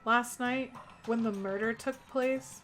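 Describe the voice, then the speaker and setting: A woman's voice: fairly high pitch, slow pace, soft background music. A woman reading a cold arrogant rich boy. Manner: calm, dismissive, condescending. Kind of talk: reading game dialogue aloud.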